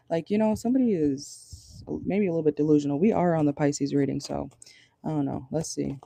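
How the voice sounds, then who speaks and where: Casual channeled tarot reading, profane and blunt, laughing often, very dark mellow voice, dry close sound. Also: mid-range voice, moderate pace, creaky, no room sound. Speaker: tarot reader. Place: parked car.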